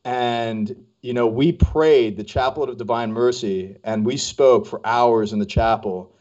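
A man's voice: mid-range voice, unhurried, a little mellow. A man casually telling a story on a podcast as a co-host, acting out the voices of people he quotes. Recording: dull lo-fi podcast audio.

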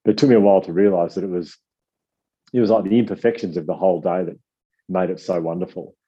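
A man telling a rambling, self-deprecating story as an author guest, quoting people in lively voices. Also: low voice, fast, breathy edge, dull audio. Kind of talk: casual storytelling.

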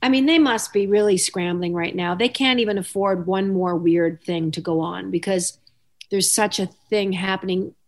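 A woman's voice: medium pitch, normal speed. A woman hosting a talk show, chatting casually and thinking aloud. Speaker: host. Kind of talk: casual radio chat.

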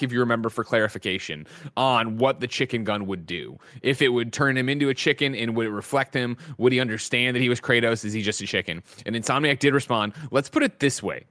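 A man hosting a gaming podcast, bantering in a jokey, animated way and reading the show's plugs. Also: medium pitch, dry recording, studio quality. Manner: fast, animated, jokey delivery. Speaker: podcast host.

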